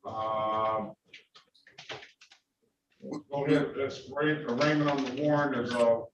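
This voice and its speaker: A man working as a judge running court hearings, procedural and halting, with frequent fillers. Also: mid-range voice, fairly even intonation. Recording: distant, roomy, dull audio with loud noise.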